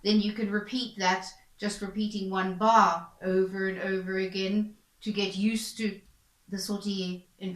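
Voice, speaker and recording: A woman's voice: medium pitch, a bit bright, roomy sound, poor audio. A woman violin teacher patiently explaining bowing practice, repeating points and encouraging the student. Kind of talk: instructional explanation.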